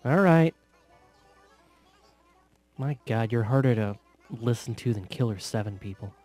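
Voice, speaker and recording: A man casually commenting on a video game, joking sarcastically with bursts of loud laughter. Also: medium pitch, lively intonation, a little slow, faint music behind. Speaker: gameplay commentator. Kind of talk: casual let's play commentary.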